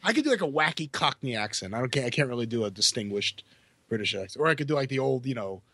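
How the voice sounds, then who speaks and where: A man co-hosting a podcast in casual chat, animated and quick to laugh. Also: mid-range voice, slightly rough, no echo. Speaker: podcast co-host.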